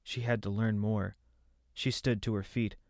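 A man reading a fantasy novel aloud as narrator, in measured storytelling. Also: lowish voice, level tone, a little mellow, no room sound, clean studio sound. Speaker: audiobook narrator.

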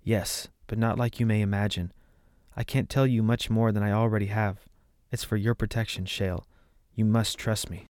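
A brave young princess, as a man reads her, stands her ground in an earnest, resolute voice. It sits low and the sound is dry. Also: fairly even intonation, normal speed, darkish tone, no echo, close to an everyday voice. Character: defiant young princess, brave but shaken.

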